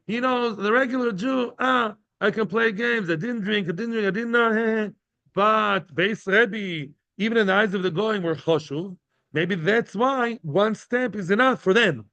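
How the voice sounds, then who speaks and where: Male Talmud teacher, high pitch, live class in a study hall, repeats and checks in with listeners, dull recording. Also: fairly bright tone. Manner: translates each phrase and repeats himself, checking in with "yeah?".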